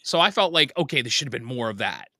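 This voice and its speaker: Casting note: male host, high lively voice, dry close sound, eager and praising. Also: fast, no room sound. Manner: enthusiastic, complimentary questioner. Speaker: podcast host. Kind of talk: casual interview chat.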